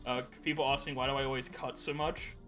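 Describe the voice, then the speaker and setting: A man's voice: medium pitch, flat delivery, quick pace, pushed and bright, soft background music. A young man co-hosting a podcast, telling rambling stories in casual chat and laughing often. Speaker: podcast co-host.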